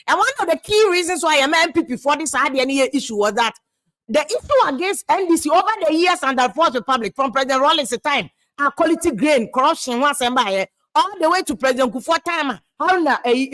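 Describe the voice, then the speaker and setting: A woman's voice: sits high, expressive, brisk, fairly bright tone. A woman with a Ghanaian accent giving passionate political commentary, switching between English and Twi and repeating words for emphasis.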